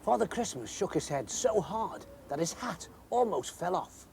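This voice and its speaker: A man reading a children's Christmas story aloud, expressive and animated. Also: sits high, moderate pace, creaky, a little hiss or hum.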